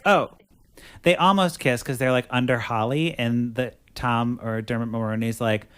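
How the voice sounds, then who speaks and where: A man's voice: medium pitch, fairly even intonation, moderate pace, fairly bright tone, smooth. A man hosting a podcast, casually recapping a movie plot and filling his talk with "like". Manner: chatty, fills speech with "like". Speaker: podcast host.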